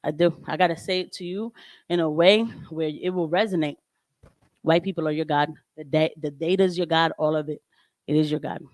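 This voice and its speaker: Animated woman on a home mic. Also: low voice, a little fast, dry recording. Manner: animated, emphatic, laughs often. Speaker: commentator. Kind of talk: casual livestream commentary. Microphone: home microphone with audio trouble.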